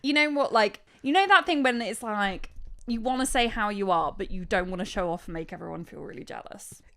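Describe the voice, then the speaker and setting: A woman's voice: medium pitch, animated, fairly quick, pushed and bright. A woman in her thirties with an English accent, co-hosting a book podcast in casual chat, telling small stories with dry, mock-boastful humor. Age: 30s. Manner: dry, playfully boastful storytelling. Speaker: podcast co-host.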